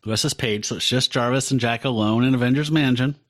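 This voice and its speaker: A man's voice: mid-range voice, fast talker. A man co-hosting a comic podcast, recapping an issue in a wry, joking way. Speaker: podcast co-host. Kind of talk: casual chat recapping a comic.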